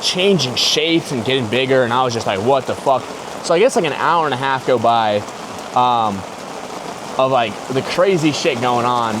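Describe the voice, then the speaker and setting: Rambling young man over loud rain. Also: medium pitch. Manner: slangy, rambling, lots of "like" and "bro". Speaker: podcast host. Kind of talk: casual storytelling. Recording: loud rain noise behind the voice. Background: heavy rain.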